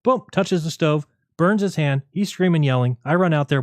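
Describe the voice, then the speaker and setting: A man hosting a livestream, talking in a rapid, argumentative, sarcastic way to his viewers. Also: a little high, no room sound, clean studio sound. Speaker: livestream host. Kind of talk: casual livestream monologue.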